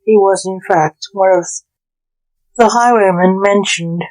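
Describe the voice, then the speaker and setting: A woman's voice: mid-range voice, measured pace, darkish tone, poor audio. A woman narrating a historical romance story aloud as a storyteller.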